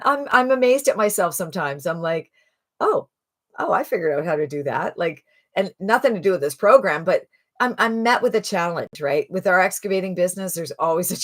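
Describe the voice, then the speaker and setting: A woman in her sixties giving a casual, rambling sales pitch to camera, chatty and full of restarts. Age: 60s. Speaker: online marketing promoter.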